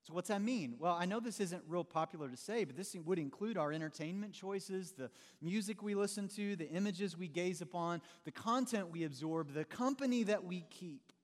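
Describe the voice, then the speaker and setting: A middle-aged man delivers a sermon in a high, bright-sounding voice, talking to the congregation like friends. His words ring out with a long reverb from a large church hall. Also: normal speed. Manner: conversational, animated, calls listeners "man". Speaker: pastor.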